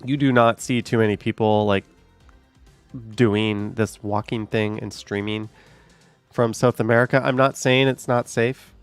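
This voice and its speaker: Gravelly man musing on a live stream. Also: on the low side, fairly even intonation, measured pace, no room sound, soft background music. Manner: rambling, musing aloud with many fillers. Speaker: live-streaming walking vlogger. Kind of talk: casual live-stream chat reading viewer comments.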